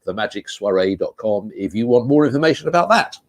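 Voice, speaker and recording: A man's voice: lowish voice, animated, fast talker. A man co-hosting a casual online talk show, joking in a dry, grumbling way. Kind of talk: casual chat.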